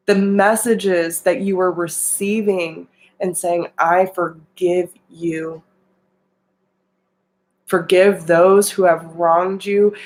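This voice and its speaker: Slow, earnest tarot-reading woman. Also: mid-range voice, darkish tone, rough recording. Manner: earnest, emotional, speaks to viewers directly. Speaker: tarot reader.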